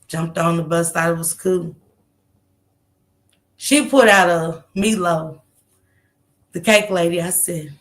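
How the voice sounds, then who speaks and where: A woman in her thirties telling a story in casual chat, animated and profane, laughing often and acting out the people she quotes. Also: medium pitch. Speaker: storyteller recounting a street encounter.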